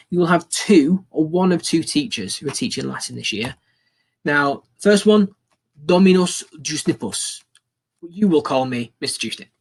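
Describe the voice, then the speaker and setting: A young man gives a recorded school lesson. His voice sits a little high and has a slightly husky texture. He is upbeat and encouraging and repeats phrases for learners to say back. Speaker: teacher.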